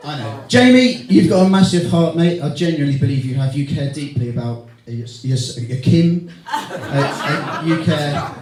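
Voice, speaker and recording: Middle-aged man, best man speech, teasing and warm-hearted, echoey hall, guests laughing around. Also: on the high side, lively intonation, normal speed. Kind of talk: wedding speech. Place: wedding reception hall with guests. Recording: echoey hall from far off, crowd.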